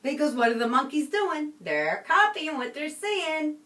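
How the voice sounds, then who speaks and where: A woman teacher reads a picture book aloud to her class, pausing often to ask the children questions. Her voice is high, bright and very lively, and she takes her time. The recording sounds roomy and a little far off. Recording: roomy, from a distance.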